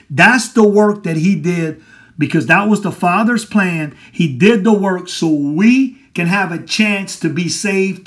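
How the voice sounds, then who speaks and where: A man preaching a Bible teaching sermon, emphatic, asking questions and answering them himself. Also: high-pitched. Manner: emphatic, asks and answers his own questions.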